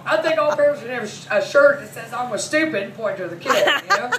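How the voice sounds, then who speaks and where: A woman's voice: fairly high pitch, expressive, fast talker. Brash, profane woman in her forties doing stand-up, heard from a distance over background noise. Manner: brash, profane, laughing through lines. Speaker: massage therapist. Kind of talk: stand-up comedy storytelling. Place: comedy club. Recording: echoey room, mic from a distance, noisy.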